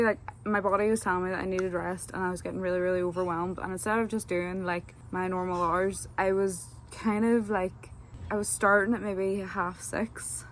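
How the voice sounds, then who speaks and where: A woman's voice: mid-range voice, a little hiss or hum. A young woman, telling a casual, rambling vlog story full of fillers. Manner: chatty, rambling, lots of fillers. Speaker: vlogger.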